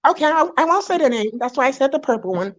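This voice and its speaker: A woman's voice: sits high, lively intonation, fast talker, dry recording, muffled recording. A young woman on a live stream, rambling in a giggly, worked-up rant. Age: young adult. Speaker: stream guest.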